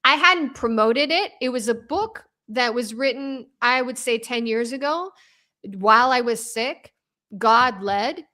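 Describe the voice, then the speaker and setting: Woman guest, trauma coach, animated and rambling, fairly high, bright voice. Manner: animated, fast and rambling with many restarts. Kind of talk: casual interview talk.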